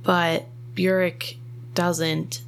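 A woman's voice: on the low side, level tone, drawn-out words, creaky, slight background noise. A woman co-hosting a casual book discussion, chatty and emotional, with frequent likes and ums. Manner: chatty, filler-heavy, emotional. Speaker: podcast co-host.

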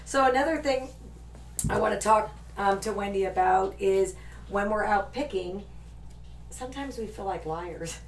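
A woman's voice: mid-range voice, moderate pace. A middle-aged woman hosting a podcast, chatting casually and laughing often. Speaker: podcast host and shop owner. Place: indoor room, on a couch. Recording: echoey room, distant mic, faint noise.

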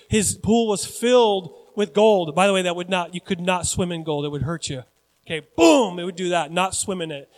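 Man preaching, high voice, lively joking asides, long church reverb. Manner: animated, joking asides, self-deprecating. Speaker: pastor. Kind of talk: sermon.

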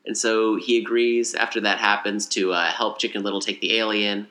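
A man casually recapping a movie in a rambling, animated way. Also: lowish voice, moderate pace. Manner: rambling, animated retelling with acted quotes. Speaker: podcast co-host.

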